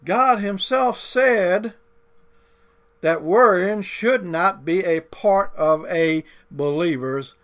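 Give me a slow, deliberate male preacher. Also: high-pitched, a bit bright. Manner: deliberate, drawn-out emphasis with folksy grammar; repeats key points for note-takers. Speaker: pastor. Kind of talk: sermon.

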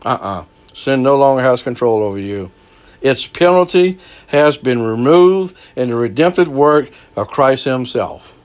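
A man preaching a sermon, folksy and lively, swinging from hushed lows to loud highs. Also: unhurried, smooth.

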